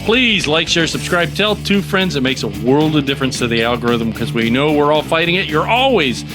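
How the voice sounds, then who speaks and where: A man's voice: fairly high pitch, expressive, fairly quick, music in the background. A middle-aged man hosting a casual comedy podcast, rambling loosely and laughing often. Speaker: podcast host.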